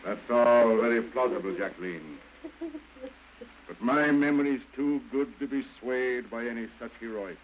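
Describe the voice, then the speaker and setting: A man's voice: medium pitch, moderate pace, dull audio, close to an everyday voice. An actor playing a bitter husband who coldly refuses his estranged wife, with theatrical early film outbursts, on an old hissy soundtrack. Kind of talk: early 1930s film acting.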